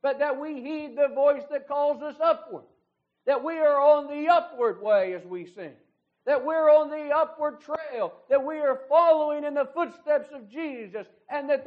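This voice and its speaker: A man's voice: extremely high pitch, moderate pace. A man preaching a fervent sermon, pleading with his listeners and building to emphatic appeals. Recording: tinny phone-like recording.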